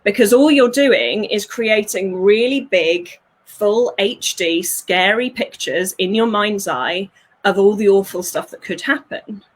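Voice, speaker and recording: Animated woman coach. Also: mid-range voice, a little slow. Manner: animated, laughs often, acts out quoted voices. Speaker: fulfillment coach. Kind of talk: conversational interview.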